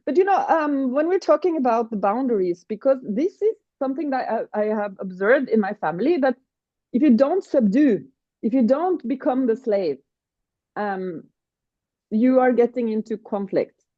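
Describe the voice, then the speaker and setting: Guest, female, halting and searching for words, muffled lo-fi sound. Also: fairly high pitch, lively intonation, no echo. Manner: hesitant, many fillers, laughs while telling stories. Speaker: podcast guest. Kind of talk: casual conversation.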